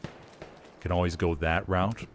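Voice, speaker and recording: Low-voiced man rambling between game calls. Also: normal speed, a little hiss or hum. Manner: rambling, relaxed, meandering asides. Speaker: game caster. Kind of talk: casual chat during live game commentary.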